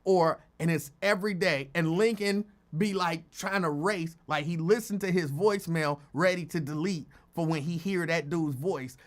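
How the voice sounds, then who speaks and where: A man hosting his own show, telling rambling stories in a casual chat and laughing often. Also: on the high side. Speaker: show host.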